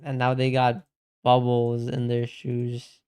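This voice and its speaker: Male streamer, laid-back slangy chat, clear voice, slow delivery. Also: medium pitch, monotone, a little mellow. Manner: slangy, calls everyone bro; reads and answers chat. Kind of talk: casual livestream chat.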